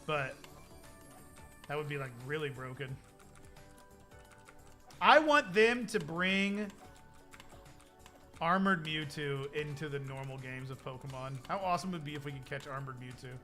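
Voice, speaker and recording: A young man hosting a livestream, chatting casually in an excitable, rambling way. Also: a little high, measured pace, long pauses, faint music behind. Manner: excitable, rambling, laughs often. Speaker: livestream host. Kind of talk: casual stream chat.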